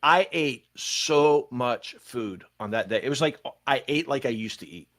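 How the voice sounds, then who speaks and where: Chatting casually on a church podcast, an older pastor who hosts the show tells stories in quick, animated bursts with a medium-pitched voice.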